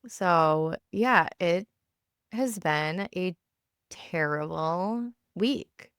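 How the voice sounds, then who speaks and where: Woman, 30s, low pitch, podcast co-host, casual chat, halting with fillers, dry close sound. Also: expressive, fairly bright tone, clear, resonant tone, no room sound. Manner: halting, full of "like" fillers and restarts. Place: home basement.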